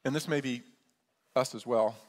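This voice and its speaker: A man's voice: medium pitch, moderate pace. Pastor, male, conversational sermon delivery, mid-range voice, reverberant sanctuary. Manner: conversational preaching, often asks "right?". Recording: long church reverb.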